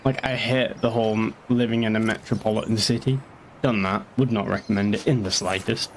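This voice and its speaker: A man's voice: on the low side, steady tone, brisk, a little hiss or hum. A young man with a northeast English accent chatting casually on a game stream, rambling, swearing and answering chat. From northeast England.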